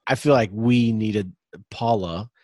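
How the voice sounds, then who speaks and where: A man's voice: on the low side, takes it slowly, darkish tone, no echo, clean studio sound. A man hosting a casual sports podcast, rambling and upbeat, hyping up his guest. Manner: rambling, upbeat hype-style introductions. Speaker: podcast host.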